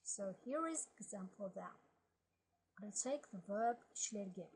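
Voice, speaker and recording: A woman teaching a language lesson, slowly reading word lists aloud and explaining grammar step by step. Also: mid-range voice, lively intonation, a little mellow, slightly rough, low-quality recording. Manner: slow, methodical, reads word lists aloud.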